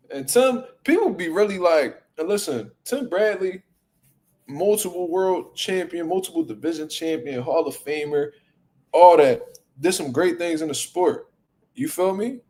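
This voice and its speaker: A man hosting a boxing talk show, chatting casually in a blunt, profane, animated way. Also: a little high, moderate pace. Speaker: boxing podcast host. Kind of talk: casual chat.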